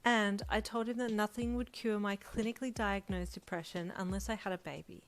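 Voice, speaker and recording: A woman voicing a flamboyant, bubbly young man who squeals with breathless excitement. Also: mid-range voice, brisk, lightly acted. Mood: breezy.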